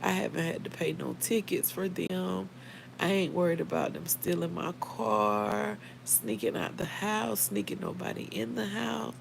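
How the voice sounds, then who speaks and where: A woman's voice: medium pitch, fairly even intonation, unhurried, vocal fry, a little hiss or hum, rough recording. A middle-aged woman, hosting a casual livestream, heartfelt and emotional, talking straight to her viewers by name. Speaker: livestream host.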